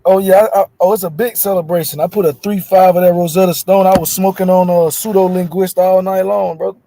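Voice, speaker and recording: A man's voice: high voice, steady tone, fairly quick, mellow, no room sound, rough recording. A man joining a livestream as a guest, joking around in playful banter. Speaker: stream guest.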